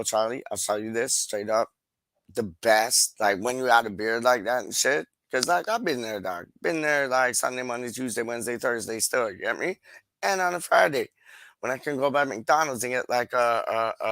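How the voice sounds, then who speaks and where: A mid-range-voiced man hosts a casual live stream, reading out viewer comments in slangy, animated fashion, laughing a lot and repeating catchphrases. It's a low-quality recording with no room sound.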